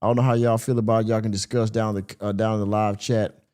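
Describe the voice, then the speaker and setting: A man's voice: on the low side, level tone, fast talker, a little mellow. A man hosting a podcast, giving casual reaction commentary in a rambling way, full of fillers. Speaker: podcast host.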